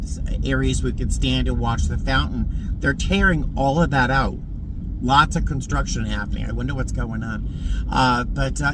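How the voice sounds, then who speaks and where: A man's voice: mid-range voice, very noisy. A man chatting casually to camera while driving, rambling and laughing as he talks. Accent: non-American accent. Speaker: vlogger, flight attendant. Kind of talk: casual vlog chat.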